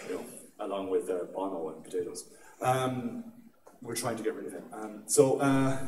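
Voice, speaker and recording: A man's voice: mid-range voice, a little mellow. A man with an Irish accent delivers a joking, conversational conference talk. His voice carries through an echoey hall from some distance off, over a faint room hum. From Ireland. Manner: jokey and conversational, with frequent "right?" asides. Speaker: conference speaker. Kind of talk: humorous security talk. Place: large conference atrium.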